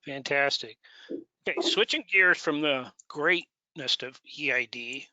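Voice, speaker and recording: Guy hosting a webinar panel, brisk and chatty, sharp bright voice, dry dull call audio. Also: medium pitch, no echo. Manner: brisk and conversational, passing questions along. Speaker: panel moderator.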